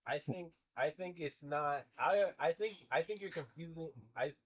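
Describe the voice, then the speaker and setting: A man joining a couples podcast as a guest in casual chat, speaking quietly in measured remarks. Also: a little high, rough recording. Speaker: guest, brother of the co-host.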